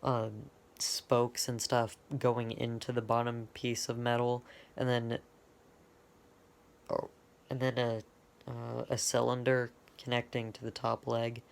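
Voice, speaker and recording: A man's voice: mid-range voice, monotone, takes it slowly, vocal fry. A man casually retelling his own fan-made story, rambling and stopping often to correct himself. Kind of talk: off-the-cuff fan lore retelling.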